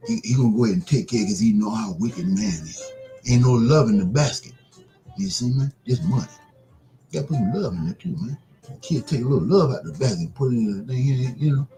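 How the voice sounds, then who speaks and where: A man hosting his own broadcast, preaching casually in a repetitive, drawn-out way. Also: mid-range voice, expressive, mellow, faint music behind, rough recording. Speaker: broadcast host.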